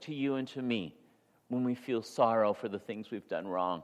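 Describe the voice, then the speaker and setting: A male pastor delivering a sermon, ranging from hushed, near-whispered passages to loud, rising exhortation. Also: fairly low pitch, normal speed. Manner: shifts from soft, near-whispered confession to loud, rising preaching. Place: church sanctuary. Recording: long hall reverb in a church.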